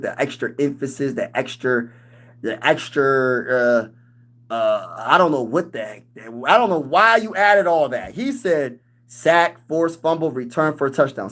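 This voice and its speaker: Male livestream host, excitable fan energy, banters with chat, average pitch. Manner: hyped, animated, reading and answering chat; trash-talking sports fan.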